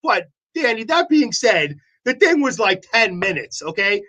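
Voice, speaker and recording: A man's voice: high-pitched, very animated, unhurried, pushed and bright, poor audio. A man co-hosting a local morning show, joking and playfully defending himself in studio banter. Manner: playful, mock-defensive teasing.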